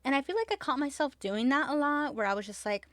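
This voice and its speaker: A woman's voice: high-pitched, animated, fast talker, fairly bright tone, no echo. A woman hosting a podcast in casual chat, talking emphatically with lots of "like", repeating herself and swearing freely. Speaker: podcast host.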